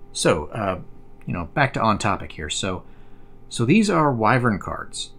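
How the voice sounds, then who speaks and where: A man's voice: mid-range voice, breathy edge. Chatty man explaining collectible cards. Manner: chatty, rambling with fillers and restarts. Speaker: card collector host. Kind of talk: casual explainer video.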